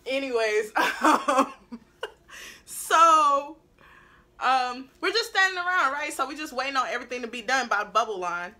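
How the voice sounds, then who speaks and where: Bright-voiced young woman, blunt storytime. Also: a little slow. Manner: animated, blunt and profane, swinging between loud outbursts and low asides. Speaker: beauty vlogger telling a story. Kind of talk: casual storytime monologue.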